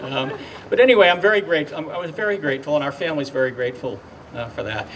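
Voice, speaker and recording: Halting older man giving heartfelt remarks. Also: fairly high pitch, a bit bright, a faint crowd, slight background noise. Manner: halting, heartfelt, many fillers and restarts. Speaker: speaker at a memorial dedication. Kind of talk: ceremonial speech. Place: outdoor lawn ceremony. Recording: distant mic, faint outdoor ambience.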